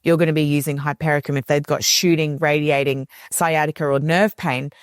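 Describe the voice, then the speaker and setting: A woman's voice: low-pitched, fairly even intonation, brisk, clear, resonant tone, dry recording, studio quality. A woman, a homeopathy educator, explaining remedies in a casual podcast conversation and acting out quoted voices of kids and parents.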